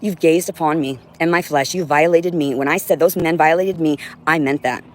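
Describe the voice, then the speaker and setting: Speaking at normal speed in a low-pitched voice, a woman livestreams from home with her cat nearby. She addresses her viewers in an intense, rambling monologue full of profanity.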